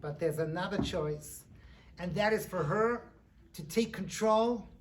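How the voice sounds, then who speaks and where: Joking rabbi telling a lively story. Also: male voice, high voice, unhurried, slight background noise. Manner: animated, joking, lots of fillers. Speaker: rabbi lecturer. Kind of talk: humorous sermon storytelling. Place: synagogue lecture.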